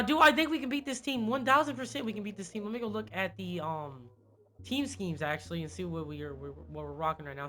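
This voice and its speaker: A young man giving casual, excitable play-by-play commentary on a football video game, with lots of fillers. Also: sits high. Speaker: gaming YouTuber.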